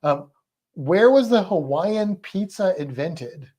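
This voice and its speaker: A man co-hosts a trivia livestream, reading questions and viewer comments aloud in relaxed chat and laughing easily. His voice is high-pitched and slow.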